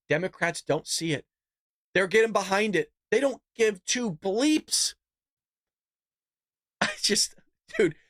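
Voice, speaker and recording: High-voiced blunt male commentary host. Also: dry recording, clean studio sound. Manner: animated, blunt, laughing asides. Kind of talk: casual political commentary.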